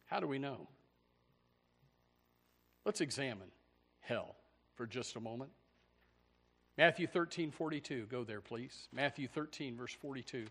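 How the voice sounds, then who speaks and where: A man preaching a fiery sermon, swinging from loud shouts to hushed low passages, often stammering and repeating words. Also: expressive, unhurried, pauses often, slight background noise. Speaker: pastor.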